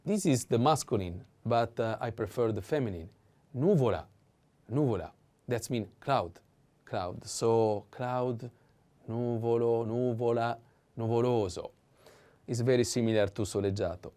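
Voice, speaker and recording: A man teaching vocabulary in a patient language lesson, repeating each word slowly and pausing with fillers. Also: mid-range voice, dark tone. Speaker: Italian teacher.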